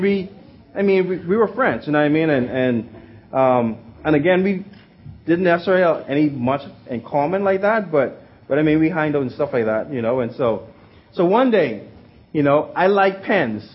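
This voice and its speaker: A young man teaching a class, rambling, repeating words and asking the room questions, in a slightly muffled recording. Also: a little high. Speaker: youth teacher. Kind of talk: interactive class talk.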